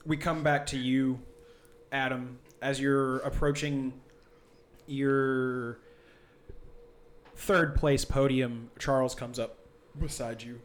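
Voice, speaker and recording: A man's voice: mid-range voice, steady tone, slow pace, long pauses. A man narrating as game master in a tabletop game, loose and full of fillers.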